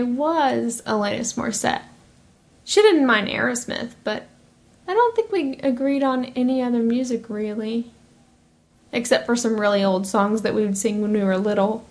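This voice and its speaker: Podcast host, woman in her twenties, a touch high-pitched, chatty and quick to laugh. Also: darkish tone. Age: 20s. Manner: chatty, laughs often, rambling asides. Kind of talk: casual solo podcast monologue.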